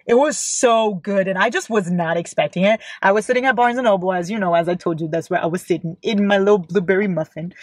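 A woman's voice: on the low side, fast talker, hardly any pauses, no room sound. A young woman in her twenties from the United States chatting casually about a book she read, gushing and giggly with sudden squeals. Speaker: book vlogger. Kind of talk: casual book reaction chat.

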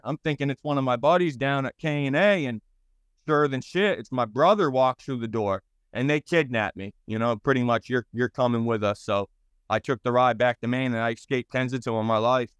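A man in his thirties with a Boston accent, a guest telling his stories in a blunt, rambling and profane way, with halting restarts. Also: medium pitch, clear, resonant tone, no echo. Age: 30s. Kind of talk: interview storytelling.

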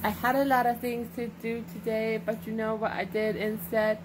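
A woman's voice: a little high, little pitch movement, moderate pace, background noise. A young woman in casual chat with her toddler, coaxing and praising her in sing-song baby talk. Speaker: mother filming her toddler. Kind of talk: casual home vlog.

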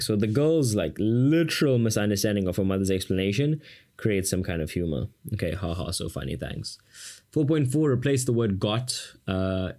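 A South African man with a fairly low voice talks through an exam question in a relaxed, casual way. He keeps breaking off for dry, sarcastic jokes aimed at the viewer. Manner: sarcastic, jokey asides to the viewer. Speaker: tutor. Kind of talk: casual exam-prep lesson.

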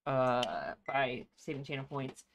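Deep-ish voice lady streamer, chatty, laughs a lot while playing. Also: animated, takes it slowly, creaky, slight background noise. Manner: chatty, laughs often, reads chat aloud. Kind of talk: casual gameplay chat.

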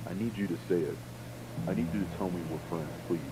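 An actor playing a selfish man who pleads with a friend in quiet panic. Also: deep voice, fairly even intonation, quick pace, heavy background noise, lightly acted. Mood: pleading.

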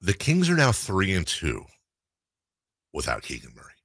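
A man's voice: sits low, normal speed, vocal fry, husky, no room sound. A man hosting a sports radio show, chatting casually and playfully in a studio. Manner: animated, laughs often, playful.

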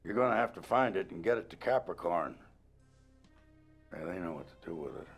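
An actor playing a dying old male colonel in a video game, speaking weakly in halting, strained gasps. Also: deep voice, animated, gravelly, breathy edge, dull audio, soft background music, exaggerated voice. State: weak, near whisper. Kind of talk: full-motion video game acting.

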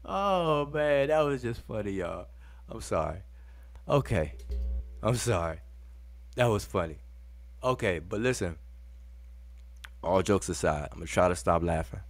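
Hosting a live video show, this man talks loosely to the people watching, calls them "y'all," and keeps cracking up. He has a fairly low voice with lively intonation, taking his time with long pauses. The talk is casual stream commentary.

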